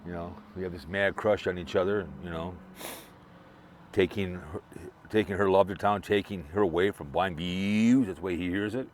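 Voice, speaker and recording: Low-voiced man rambling while driving. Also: steady tone, moderate pace, a little hiss or hum. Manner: rambling, repetitive, restarts a lot. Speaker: vlogger remembering a late fellow creator. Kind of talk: casual rambling monologue.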